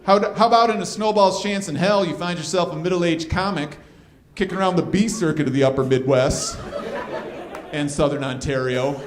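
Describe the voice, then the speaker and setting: On a club stage, a fifties-aged man tells crude jokes at his own expense, speaking at a normal speed in a voice that sits on the high side. It's a roomy live recording with crowd laughter and slight background noise.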